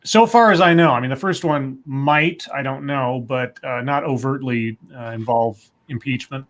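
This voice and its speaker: A man's voice: medium pitch, moderate pace. A man co-hosting a casual podcast, reading news headlines with wry asides. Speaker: news segment co-host.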